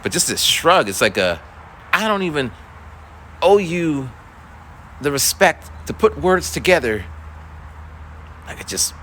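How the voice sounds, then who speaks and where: A male teacher rambles through a story in a loose, casual monologue, restarting sentences and slipping into voices. His tone is bright and edgy with lively, wide pitch swings. Faint traffic murmurs in the background. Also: measured pace, long pauses. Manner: rambling, animated, with many restarts and voiced quotes. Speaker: school teacher.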